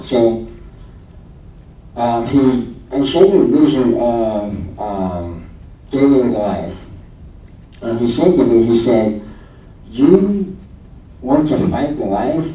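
A man's voice: on the low side, dark tone, recorded from a distance. A man in his thirties giving a personal testimony to a church congregation, telling his story animatedly and acting out his own thoughts with laughter. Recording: roomy hall, speaker away from the mic, faint ambience.

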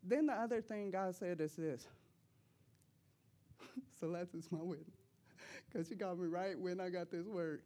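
A woman's voice: on the low side, measured pace, long pauses, dark tone. A woman speaking at church, giving an emphatic personal testimony sermon in a casual, slangy way and laughing often between her lines. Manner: casual, slangy preaching talk.

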